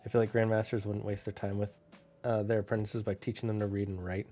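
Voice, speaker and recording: A man streaming live, thinking out loud and answering chat in a casual, rambling way. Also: lowish voice, little pitch movement, faint music behind. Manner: musing aloud, thinks out loud with quick asides. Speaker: streamer running a worldbuilding chat.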